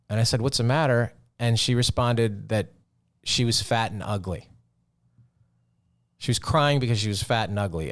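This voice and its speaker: Lowish-voiced male podcast host telling stories. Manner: storytelling, self-mocking, animated asides. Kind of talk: solo podcast monologue.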